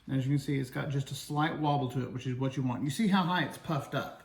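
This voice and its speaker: A man's voice: medium pitch, quick pace, roomy sound, a little hiss or hum. A man hosting a casual home cooking demo, chatty and playful as he talks to viewers. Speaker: cooking channel host. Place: home kitchen.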